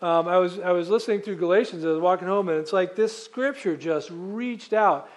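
A man's voice: high-pitched, a little fast. A man preaching a sermon as pastor, reading scripture and explaining it in a conversational, emphatic way, asking the congregation questions.

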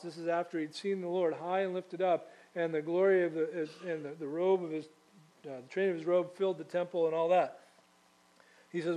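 Male pastor, sermon delivery, chatty with rhetorical questions, slightly high voice. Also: steady tone, normal speed, a little mellow. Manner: conversational preaching with rhetorical questions and asides.

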